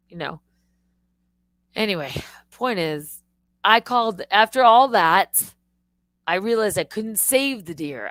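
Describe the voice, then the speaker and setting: A woman streamer telling a story in a loose, animated way, cursing freely and jumping up high when she quotes herself. Her pitch swings widely. The sound is dry and close, with no room around it. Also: dry recording. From Michigan. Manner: animated, swearing, quoting herself in high excited bursts. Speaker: livestream host, former wildlife TV host. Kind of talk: casual livestream storytelling.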